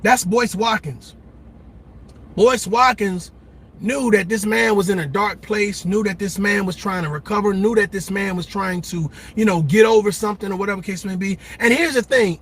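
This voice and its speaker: Middle-aged man, bright husky voice, fiery vlog commentator who hammers points home. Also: high voice. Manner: emphatic, repetitive, preacher-like cadence. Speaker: commentary vlogger. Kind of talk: passionate commentary monologue.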